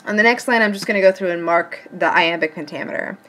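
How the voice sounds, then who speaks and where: Woman teacher walking students through poem meter, patient and upbeat, counts it out slow. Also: lowish voice, fairly bright tone. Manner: patient, encouraging, counts syllables aloud slowly. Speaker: English teacher. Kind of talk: recorded lesson narration.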